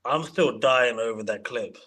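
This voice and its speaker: Guest, man, mid-pitched, a little husky, relaxed joking chat. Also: measured pace, poor audio. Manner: laid-back, joking, restarts often. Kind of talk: casual chat.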